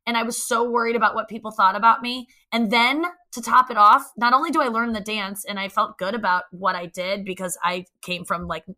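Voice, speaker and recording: Bright, animated young woman telling a story. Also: mid-range voice, fairly quick, few pauses. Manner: animated, self-mocking, swears freely. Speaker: guest, comedian. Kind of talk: storytelling in casual chat.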